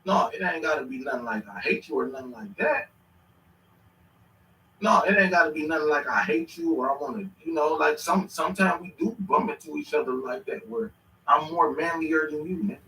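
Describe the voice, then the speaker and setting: A man's voice: fairly high pitch, brisk, pushed and bright, a little hiss or hum. A man casually reacting to clips on a stream, rambling and slangy with sudden bursts of laughter. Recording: echoey room, mic at a distance.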